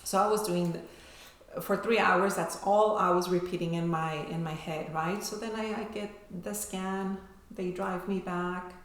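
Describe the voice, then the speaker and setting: A woman's voice: fairly low pitch, fairly even intonation, measured pace. A woman telling her personal story as an interview guest, emotional and often ending sentences with "right?". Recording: echoey room.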